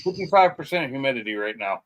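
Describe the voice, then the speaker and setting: A man's voice: mid-range voice, animated, quick pace, dull audio. A man hosting a stream, chatting casually with the hiccups and swearing freely when they won't stop. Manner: swears freely, easily irritated. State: has the hiccups. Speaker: stream host. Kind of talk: casual chat.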